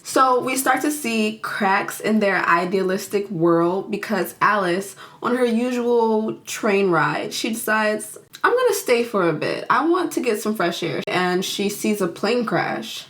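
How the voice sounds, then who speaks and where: A woman's voice: mid-range voice, a bit bright. Chatty, giggly young woman recapping a film. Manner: chatty and giggly, lots of "like", acting out the characters. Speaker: YouTuber reviewing a film.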